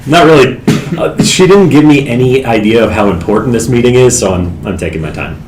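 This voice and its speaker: A man's voice: medium pitch, expressive, a little fast, darkish tone. A man playing in a tabletop game, talking in an easygoing, playful way and slipping into his character. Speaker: player. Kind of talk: tabletop role-play, casual chat. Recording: echoey room, faint hiss.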